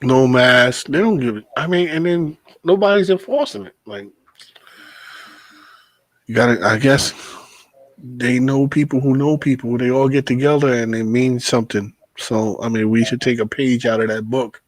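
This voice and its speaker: Animated swearing bus driver. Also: male voice, medium pitch, moderate pace, dry recording, rough recording. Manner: animated storytelling, swears freely, laughs. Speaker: podcast host, bus driver. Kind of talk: casual chat.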